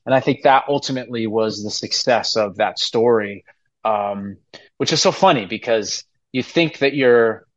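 A man's voice: medium pitch, no echo, dull audio. A man in his forties, a musical theater actor guesting on a podcast, talking earnestly and emotionally with many restarts. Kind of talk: casual interview chat.

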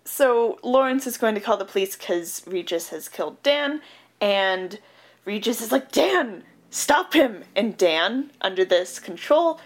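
Medium in pitch and animated, her voice runs a little slow. This podcast co-host walks through a film plot in a casual chat, chatty and giggly, with lots of fillers and laughter along the way.

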